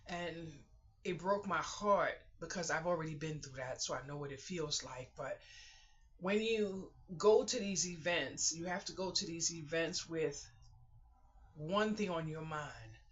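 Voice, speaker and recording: A woman's voice: low voice, measured pace, dull audio. A woman vlogger talking to her viewers in a casual, heartfelt way, earnest and emotional, teary and sniffling as she speaks. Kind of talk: casual heartfelt talk to camera.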